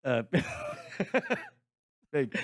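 A man's voice: fairly high pitch, big pitch swings, very slow. A man co-hosting a podcast, stammering as he jumps in with jokes during casual chat. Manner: stammering, jokey interjections. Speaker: podcast co-host.

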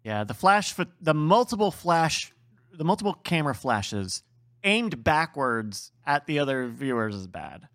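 A man's voice: on the high side, big pitch swings, measured pace, a bit bright. A man co-hosting a podcast and running a quiz round in an upbeat, announcing way. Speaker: podcast co-host and quiz master. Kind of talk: casual game-show hosting.

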